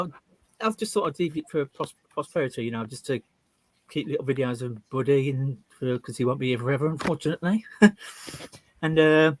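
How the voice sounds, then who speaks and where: A middle-aged Englishman with a West Midlands accent chats on a video call. He talks in a halting, self-deprecating way and often chuckles and restarts. A faint noise sits under his voice. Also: medium pitch. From England. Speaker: guest YouTuber. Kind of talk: casual video-call chat.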